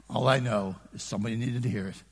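A man preaching a sermon in a conversational way, dropping to hushed asides and rising to shouted emphasis. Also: medium pitch, gravelly, long reverb tail, slight background noise. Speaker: pastor.

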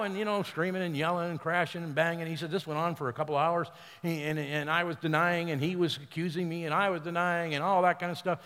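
A man's voice: on the high side, a little fast, fairly bright tone, in a large hall. A man preaching as pastor, retelling a story with quoted voices and leading the congregation in declarations. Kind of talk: sermon. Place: large church hall.

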